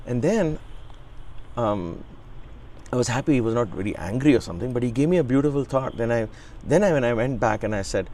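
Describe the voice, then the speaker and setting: A man's voice: medium pitch, fast talker, a little hiss or hum. Earnest man in his sixties reminiscing. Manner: earnest, reverent, frequent restarts and soft laughs. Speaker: interviewee. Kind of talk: reflective storytelling.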